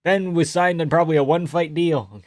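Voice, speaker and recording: A man's voice: on the high side, fairly quick, a little mellow, no echo. A young man hosting a live stream, casually chatting and reading viewer comments aloud, swearing freely and laughing often.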